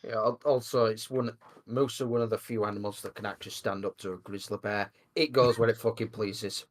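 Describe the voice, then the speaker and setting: A man's voice: lowish voice, fairly even intonation, a little fast. A man co-hosting a casual talk show, chiming in with blunt, profane quips. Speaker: podcast co-host. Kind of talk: casual chat.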